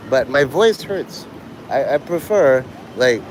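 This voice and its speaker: A man talking casually on a livestream while walking outdoors, rambling and joking and mimicking others in quick quoted voices. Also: medium pitch, expressive, a little hiss or hum.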